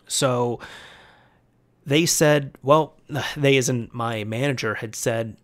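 Young man, casual storytime, rambling and conversational, mid-pitched voice. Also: slow, a bit bright. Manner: rambling, conversational with fillers and restarts.

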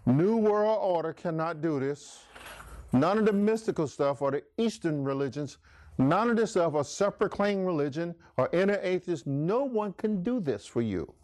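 Animated preaching man, emphatic. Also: on the high side, moderate pace, dry recording. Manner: emphatic, addresses listeners by name. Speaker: pastor. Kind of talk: sermon.

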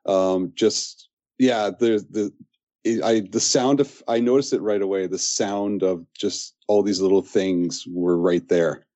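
A man's voice: low voice, fairly even intonation, a little slow, warm tone. A man co-hosting a podcast, chatting casually and enthusiastically, often restarting his sentences. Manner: rambling, enthusiastic, frequent restarts. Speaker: podcast co-host. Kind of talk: casual chat.

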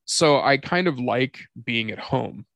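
A mid-pitched man talks frankly on a podcast, telling a personal story with plenty of swearing. His delivery is loose and confessional, the way comedians chat with each other. The voice sits close and dry on the mic. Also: expressive, measured pace, creaky, a bit bright, no echo. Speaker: podcast co-host. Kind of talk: candid comedic podcast conversation.

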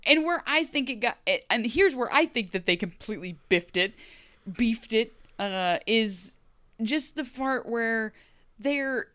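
A woman's voice: fairly high pitch, animated, a bit bright, dry recording. Wry, joking woman podcast co-host. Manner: wry, joking, quick to mock. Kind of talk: casual TV recap chat.

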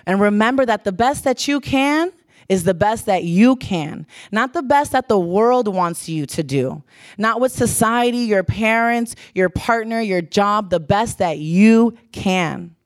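A woman's voice: medium pitch, expressive, a little slow, dry recording, clean studio sound. A young adult woman giving an earnest sermon, repeating phrases for emphasis. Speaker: church speaker.

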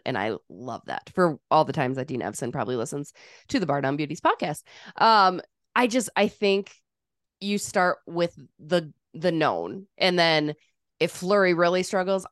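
A woman co-hosting a podcast with chatty, teasing, animated sports talk. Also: low voice, no echo, clean studio sound. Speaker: podcast co-host. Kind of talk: casual sports chat.

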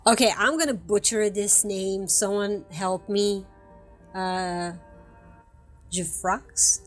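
A woman's voice: mid-range voice, steady tone, slow, soft background music. A woman hosting a casual podcast, reading out listener comments with frequent giggles. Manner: giggly, apologetic about names. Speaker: podcast host.

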